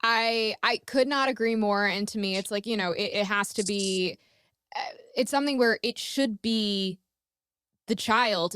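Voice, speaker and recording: A woman's voice: mid-range voice, fairly bright tone, clear, resonant tone, dry recording, clean studio sound. A woman hosting a podcast, talking candidly and swearing freely in casual conversation. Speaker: podcast host.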